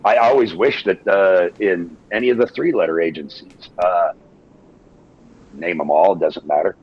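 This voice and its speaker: A man calling in to a live-stream chat, nasal from a head cold, rambling with profanity and halting restarts. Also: sits low, breathy edge. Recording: dull call-in audio with faint noise.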